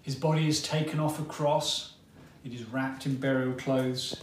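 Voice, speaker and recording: Slow, dramatic male preacher in echoey hall. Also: medium pitch, steady tone, a little hiss or hum. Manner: dramatic storytelling with long pauses. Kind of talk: sermon. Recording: roomy hall, mic at a distance, faint ambience.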